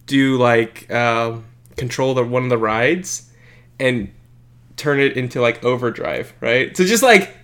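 A man's voice: medium pitch, fairly bright tone. Rambling young man co-hosting a podcast. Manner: rambling, jokey, lots of fillers and restarts. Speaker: podcast co-host. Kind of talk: casual podcast chat.

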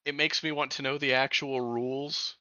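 A man's voice: medium pitch, little pitch movement, normal speed, bright, forceful tone, no echo. A man in a casual film discussion podcast. He is enthusiastic and often laughs between his points. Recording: dull lo-fi sound.

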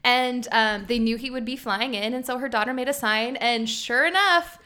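A woman's voice: on the high side, moderate pace, sharp tone, clear, resonant tone. A woman with a Minnesotan accent co-hosting a podcast, chatting casually and gushing enthusiastically with frequent giggles. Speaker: podcast co-host. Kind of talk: casual chat.

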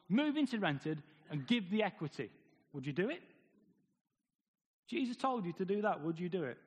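A man's voice: high voice, breathy edge. A man preaching a sermon, firing off rhetorical questions with wry humor. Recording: long hall reverb.

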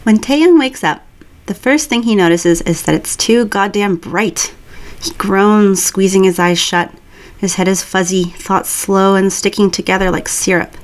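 A woman reading a piece of fan fiction aloud in a calm, even storytelling voice. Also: mid-range voice, a little slow. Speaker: reader.

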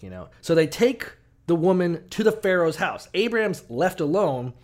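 Animated, profane man retelling stories. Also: on the high side. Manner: profane, animated, acts out characters in quick bursts. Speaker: podcast co-host. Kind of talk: irreverent casual chat retelling Bible stories.

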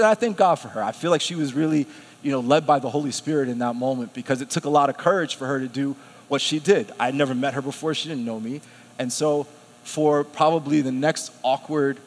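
A man delivering a sermon in a church, animated and storytelling, breaking into laughter as he quotes himself. His voice sits a bit high for a man. The long reverb of a big hall trails after his words. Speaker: preacher. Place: church sanctuary.

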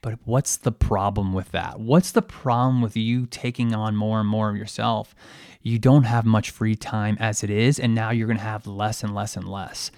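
A man's voice: fairly low pitch, steady tone, normal speed, a little mellow, dry recording, clean studio sound. A man hosting a podcast, a periodontist giving a conversational coaching monologue to dental teams, asking rhetorical questions and poking fun at himself.

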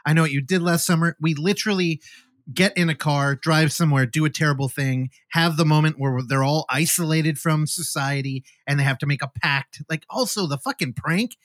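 A man hosting a casual movie podcast, retelling a film plot with profanity and quick acted-out lines. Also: on the high side, no room sound, clean studio sound. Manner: animated, profane, acts out movie scenes. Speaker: podcast host. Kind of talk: casual movie review chat.

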